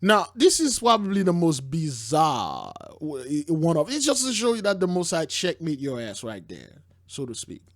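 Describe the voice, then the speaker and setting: A man's voice: a little high, huge pitch swings, moderate pace, few pauses. A man hosting a casual commentary, rambling, stumbling over words and exclaiming as he reacts to news clips. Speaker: host.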